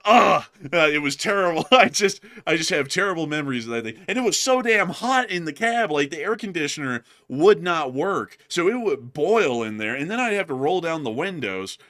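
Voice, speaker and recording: A man's voice: a little high, very animated, brisk, hardly any pauses, a bit bright. A man hosting a live stream in casual, rambling chat, calling the audience "folks" and piling up fillers. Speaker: livestream host.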